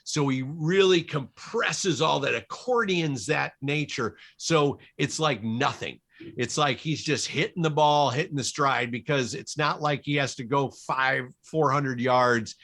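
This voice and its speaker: A man being interviewed about his career, with a voice of ordinary middle pitch. He tells anecdotes from film sets in a relaxed, lively flow. He often acts out what other people said. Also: a little slow. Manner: animated, quotes people in his stories. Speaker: cinematographer guest.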